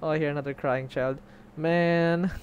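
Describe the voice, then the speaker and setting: A man's voice: fairly high pitch, fairly even intonation, moderate pace, highs cut off, a little hiss or hum. Chatty young man streaming a game. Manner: chatty, swears, reads game text aloud. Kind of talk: casual let's play commentary.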